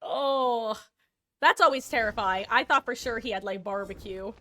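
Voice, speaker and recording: Woman, game livestream commentary, goofy and playful, laughs a lot, somewhat high voice, desk mic. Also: normal speed, pushed and bright. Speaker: game streamer.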